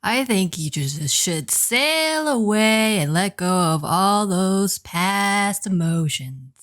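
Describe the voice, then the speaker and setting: A man voicing a smooth, laid-back woman who gives blunt advice in a slow, unbothered way. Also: high-pitched, animated, a bit bright, no echo, studio quality, exaggerated voice. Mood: languid.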